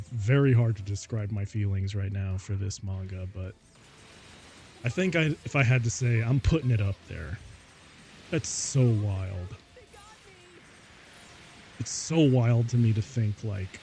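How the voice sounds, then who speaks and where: A man's voice: on the low side, creaky, a little mellow, a little hiss or hum. A man streaming live, chatting casually and rambling, often laughing between thoughts and saying "like" and "y'all" a lot.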